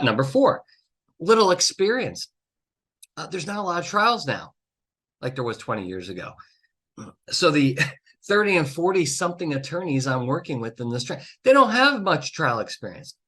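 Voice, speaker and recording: A man's voice: fairly high pitch, very animated, normal speed, pauses often, pushed and bright, husky. A man hosting a podcast, giving blunt, emphatic advice with swearing and exasperated outbursts. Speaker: trial consultant podcast host. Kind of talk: animated solo podcast talk.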